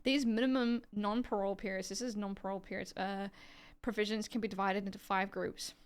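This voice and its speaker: Australian woman, livestreamer, mid-pitched, smooth clear voice, casual chat, reads aloud, swears offhand. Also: steady tone, fairly quick. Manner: reads legal text aloud, then chats offhand with viewers and swears casually.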